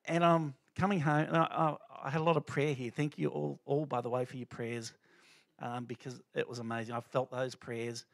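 A man's voice: medium pitch, level tone, moderate pace, gravelly, dry recording. A middle-aged man giving an informal church testimony, talking loosely with many fillers and restarts. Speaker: lay speaker sharing a testimony.

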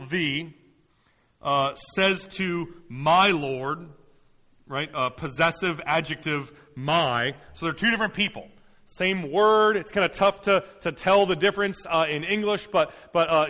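A man's voice: sits high, sharp tone, in a large hall. A male pastor preaching a sermon in a loose, conversational way, full of fillers and restarts, building to emphatic delivery.

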